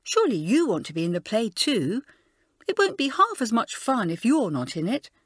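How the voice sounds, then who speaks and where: A woman's voice: on the high side, huge pitch swings, breathy edge, no echo, studio quality, pitched above the performer's own voice, exaggerated voice. A woman reading an audiobook, voicing a headstrong schoolgirl who speaks crossly and sulkily. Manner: cross and sulky, quick to brighten. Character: headstrong, moody schoolgirl heroine. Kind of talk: audiobook character voice.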